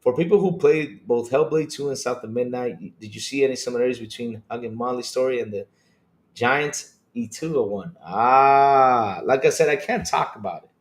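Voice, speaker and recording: A man hosting a live gaming stream, talking excitedly with his viewers and reading their chat, repeating himself and laughing often. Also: mid-range voice, normal speed.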